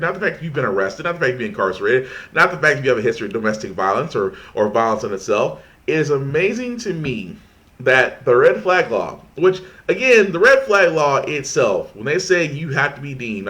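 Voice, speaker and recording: Animated ranting male commentator. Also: medium pitch, a little fast. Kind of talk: casual commentary.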